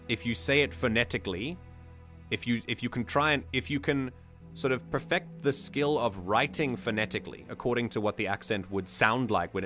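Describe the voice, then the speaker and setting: South African man reading a story aloud. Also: lowish voice. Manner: animated, excitable asides between steady narration. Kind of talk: story reading with casual commentary.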